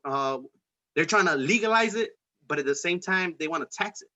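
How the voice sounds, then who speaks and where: Fairly quick and forceful, this man speaks in a slightly high, bright voice with lively intonation. As host of a casual political podcast, he rambles in a heated, profane way, often starting over. The recording is dull lo-fi.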